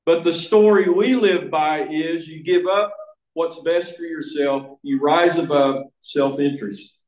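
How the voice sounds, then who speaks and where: A man delivers a sermon in an earnest, emphatic way, restarting a phrase now and then. His voice sits a little high for a man. The sound carries the echo of a roomy church sanctuary. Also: steady tone, unhurried, darkish tone. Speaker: preacher. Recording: echoey church room.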